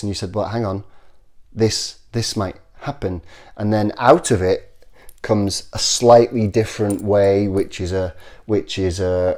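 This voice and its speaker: A man's voice: lowish voice, a little mellow. A middle-aged man hosting a self-development video, talking casually and earnestly to camera, often repeating himself and acting out short sample conversations. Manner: earnest, repeats phrases, acts out example dialogue.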